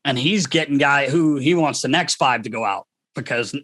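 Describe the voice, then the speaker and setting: A man hosting a podcast, telling locker-room stories in a lively, laughing way. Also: medium pitch, moderate pace. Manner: animated storyteller, laughs often. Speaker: podcast host. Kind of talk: casual storytelling chat.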